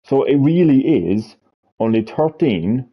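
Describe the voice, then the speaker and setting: A man's voice: medium pitch, big pitch swings, slow, husky. A man chatting on a gaming live stream, rambling, swearing freely and repeating himself. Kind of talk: casual live-stream chat. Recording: dull lo-fi stream audio.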